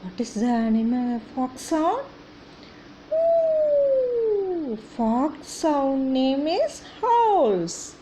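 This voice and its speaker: Slow sing-song woman teacher. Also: high-pitched, big pitch swings, warm tone, slight background noise. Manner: slow, sing-song, coaxing with questions and animal noises. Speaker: kindergarten teacher. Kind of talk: teaching animal sounds to small children.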